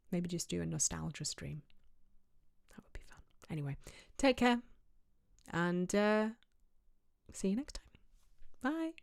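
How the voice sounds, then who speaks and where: An English woman talks casually to her stream chat, rambling and restarting her sentences. Her voice sits low for a woman, and the sound is dry with no room echo. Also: gravelly, darkish tone. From England. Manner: chatty, rambling, many fillers and restarts.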